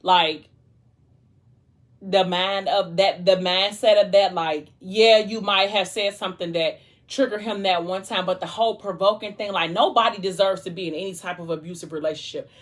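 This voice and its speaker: A woman vlogger chatting casually about a book, in an animated, emphatic and colloquial way. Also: mid-range voice, normal speed. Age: adult.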